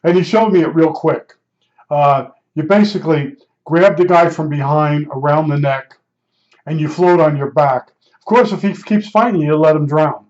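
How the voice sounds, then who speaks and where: A man's voice: fairly high pitch, moderate pace, darkish tone. Rambling older man telling family stories. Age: 70s. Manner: rambling, digressive, many asides. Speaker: vlogger. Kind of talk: casual personal storytelling. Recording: dull lo-fi recording.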